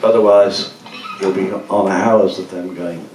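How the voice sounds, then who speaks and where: This low-voiced man, a musician speaking at a book event, speaks unhurriedly with fairly even intonation while sharing laughing, meandering stories with a gallery crowd. It's a casual audience talk, captured from a distance in a reverberant room with background noise.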